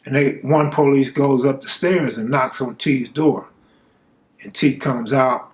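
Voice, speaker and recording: A man's voice: medium pitch, fairly even intonation, a little slow. A man from Los Angeles telling a story from his own life in a casual, blunt and profane way, acting out the people he quotes. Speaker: live-stream storyteller. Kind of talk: casual first-person storytelling.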